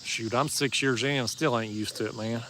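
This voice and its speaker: A man's voice: medium pitch, steady tone, moderate pace, background noise. Laid-back East Tennessee man drawling outdoors. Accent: East Tennessee Southern. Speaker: fishing livestream host. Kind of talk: casual livestream chat answering viewers. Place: outdoors at a marina bank at night.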